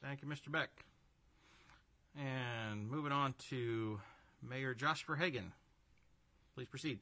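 A man chairs a committee hearing and calls each speaker in turn. He sounds formal and brisk. His voice has a sharp, bright edge at an ordinary pitch.

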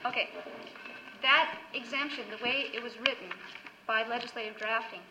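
A woman's voice: on the high side, steady tone, normal speed. A middle-aged woman attorney testifying before a committee, explaining technical details with frequent fillers. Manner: hesitant, technical, many fillers. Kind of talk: formal testimony. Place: hearing room. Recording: roomy hearing room with hiss.

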